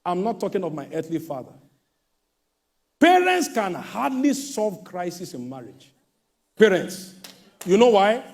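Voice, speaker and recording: A middle-aged male pastor preaching a sermon, swinging between mocking quoted voices and sudden shouts. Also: high-pitched, big pitch swings, measured pace, creaky, long pauses.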